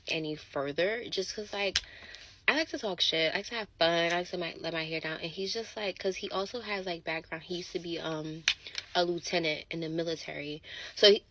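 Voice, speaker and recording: A woman telling a dating story in casual, animated chat. She curses and acts out what people said. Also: fairly low pitch, no echo, rough recording. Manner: animated, swearing, acts out quotes.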